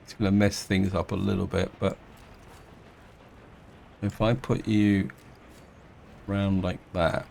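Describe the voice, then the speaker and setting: A man of middle age narrates his city-building game in a relaxed, unhurried way. His voice sits on the low side, and he pauses often, restarting sentences and weighing his options aloud as he goes. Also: gravelly, slight background noise. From England. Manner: thinking aloud, hesitant, many restarts. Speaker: game let's-player. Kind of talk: casual gameplay commentary.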